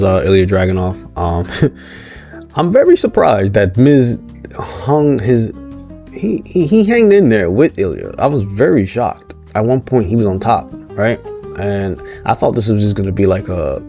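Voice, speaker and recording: In a low-ish, mellow voice, a man loosely goes over a wrestling show. His talk wanders and stalls with plenty of ums, restarts, and corrections of himself, and he poses questions to viewers, asking for their comments.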